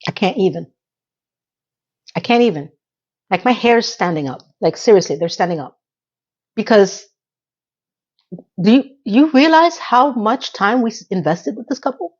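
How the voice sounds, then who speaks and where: A woman's voice: mid-range voice, expressive, normal speed, pauses often, darkish tone, slightly rough, highs cut off. A middle-aged woman hosting a casual TV recap, talking in a candid, chatty and blunt way. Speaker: TV recap host.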